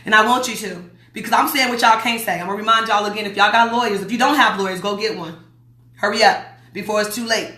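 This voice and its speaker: A woman's voice: medium pitch, fast talker, pushed and bright, echoey room. A woman from Las Vegas hosting a livestream, reading viewer comments aloud in a blunt, emphatic way and repeating her warnings. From Las Vegas, USA. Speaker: host.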